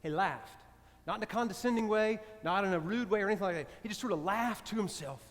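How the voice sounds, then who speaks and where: A man, a priest telling a story in a conversational sermon that often sinks to a soft, hushed voice. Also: high-pitched, quick pace. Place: church sanctuary. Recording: reverberant church sanctuary.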